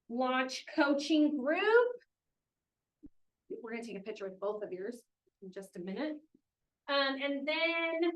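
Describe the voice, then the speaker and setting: A woman with a bright, high voice runs a team meeting and reads out the award winners one by one. She keeps it upbeat and breaks in with quick little whoops of cheer between names. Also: low-quality recording. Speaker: meeting host announcing awards.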